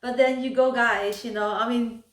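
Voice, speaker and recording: A woman with a Filipino accent tells stories for her vlog, her voice pitched a little high. She talks in an animated way and laughs often between points. The sound bounces around an echoey room. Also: moderate pace. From Philippines. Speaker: vlogger. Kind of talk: casual storytelling vlog.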